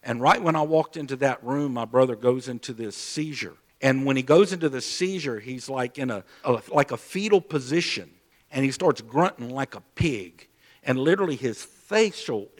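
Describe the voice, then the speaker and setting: A man preaching, telling a personal story in a sermon, moving between hushed low stretches and loud raised emphasis, with many repeats and restarts. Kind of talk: sermon testimony.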